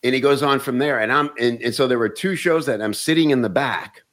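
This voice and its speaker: A comedian and actor telling stories in casual chat, animated and often restarting words. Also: male voice, medium pitch, fairly quick.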